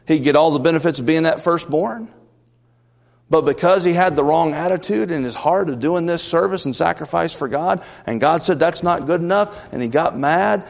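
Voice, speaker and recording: A male pastor with a slightly high, gravelly voice preaches in a folksy, conversational manner and keeps asking his congregation questions. His words ring out with a long reverb that fills the church sanctuary. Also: a little mellow. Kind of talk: sermon.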